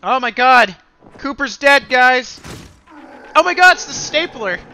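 A man giving loud, excitable let's-play commentary, gasping and cracking crude sarcastic jokes, with game music faintly behind. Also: very high voice, a little slow, smooth. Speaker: gaming streamer.

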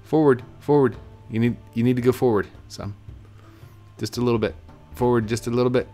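A man with the sniffles giving casual let's-play commentary at home. He is excitable and bursts into laughter and high yelps. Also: brisk, soft background music. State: sniffly, stuffy nose. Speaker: gaming YouTuber.

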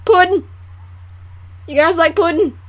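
A woman putting on a hyper male pitchman selling pudding in a mock commercial, shouting frantically. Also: a little slow. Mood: manic shouting.

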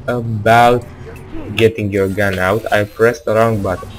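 A man's voice: lowish voice, takes it slowly, long pauses, fairly bright tone, rough recording. A man giving casual let's-play commentary, chatty and musing aloud, with sudden exclaims at setbacks. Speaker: gamer playing through an action game. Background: game music.

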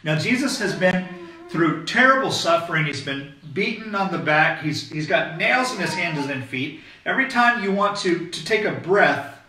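Male pastor, slightly high, bright voice; conversational, emphatic sermon; distant mic, echoey hall. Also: lively intonation, moderate pace, slight background noise. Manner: conversational, emphatic preaching with frequent "okay?" check-ins.

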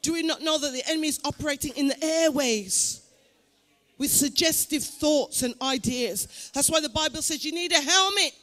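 A woman pastor leading fervent prayer in a church, preaching in a sing-song cadence, breaking into tongues and shouted declarations. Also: high-pitched, normal speed. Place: church building.

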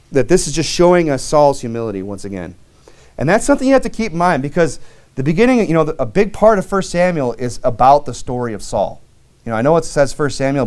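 A man's voice: mid-range voice, darkish tone. A young American man preaching a sermon as pastor, in a conversational, folksy way with plenty of fillers and restarts.

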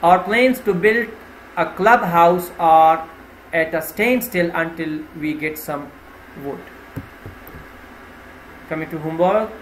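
A man teaching vocabulary, reading out each word with its meaning and an example sentence in a slow, deliberate way, pointing out which syllable to stress. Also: a little high. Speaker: English teacher. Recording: roomy with faint ambient noise.

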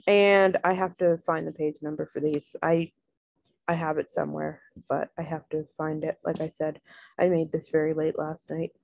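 A woman tutoring Spanish in a casual online lesson, loose and relaxed, full of "um" and "like". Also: low voice, moderate pace, creaky, dry recording, highs cut off. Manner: relaxed, filler-heavy, many "um" and "like".

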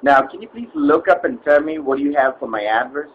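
A man's voice: fairly high pitch, expressive, a little fast, dull audio, slight background noise, natural voice. A man voicing an impatient, rude male customer in a comedy sketch, exasperated and blunt, spelling letters out insistently.

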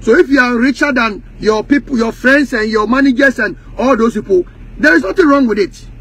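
A man's voice: extremely high pitch, brisk, fairly bright tone, slightly rough. A man from Ghana with a Ghanaian Pidgin English accent, delivering a heated, mocking rant that slips into sing-song taunting chants. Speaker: music industry commentator.

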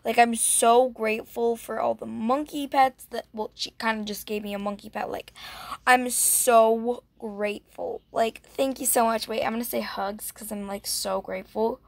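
Chatting casually over her gameplay, a young woman vlogger gushes, gasps breathily and leans heavily on "like." She speaks at a moderate pace with a fairly high pitch and fairly even intonation, with no room sound.

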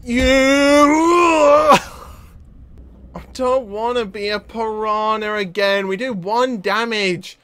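A young man giving excitable gameplay commentary, often yelling and laughing. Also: extremely high pitch, takes it slowly, clean tone, no room sound. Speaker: gaming video host.

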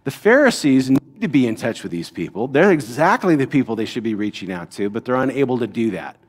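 Middle-aged man, church pastor, conversational Bible lesson, mid pitch, leans on rhetorical questions and "right?" tags. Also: sing-song, brisk, slightly rough. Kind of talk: teaching a Bible lesson to a congregation.

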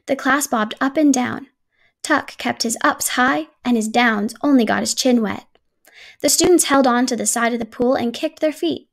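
A woman reads a children's picture book aloud, gentle and even in her telling. Her voice sits a little high with a steady gravelly fry. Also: moderate pace. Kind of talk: storybook read-aloud.

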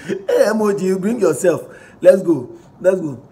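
A man with a Ghanaian accent giving casual vlog commentary, reading posts aloud in an animated way, mixing pidgin and English and chuckling often. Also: high-pitched, normal speed. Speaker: vlogger reacting to online posts.

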